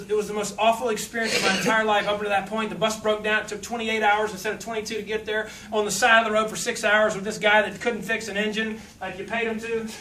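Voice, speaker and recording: Bright-voiced man speaking in an echoey hall. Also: high voice, recorded from a distance, a little hiss or hum. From South Louisiana. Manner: folksy, humorous, puts on voices when quoting. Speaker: motivational speaker. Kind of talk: motivational speech with storytelling.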